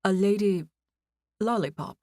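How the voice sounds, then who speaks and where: A woman voicing a polite, formal young male hotel clerk with a British accent, measured and professional, in an audiobook. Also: medium pitch, mellow, no echo, clean studio sound, natural voice.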